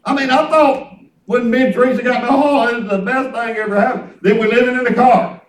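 High-voiced preacher, echoey room. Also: male voice, fairly even intonation, a little fast, far from the mic. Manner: folksy, emphatic, repeats himself. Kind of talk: sermon.

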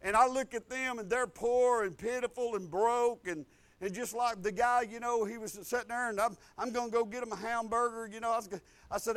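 A man, preaching a folksy sermon that repeats phrases and builds to loud declarations. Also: very high-pitched, fairly even intonation, brisk. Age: 50s.

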